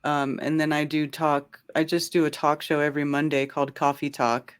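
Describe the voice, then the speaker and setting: A man's voice: on the high side, level tone, normal speed, clean tone. A man talking as a guest on a podcast, loose and conversational with many fillers. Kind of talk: casual interview chat.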